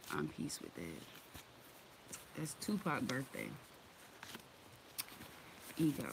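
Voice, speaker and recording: A woman's voice: low voice, vocal fry, background noise. A woman chatting loosely on a live stream, cursing and laughing often. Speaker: vlogger. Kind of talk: casual live-stream chat.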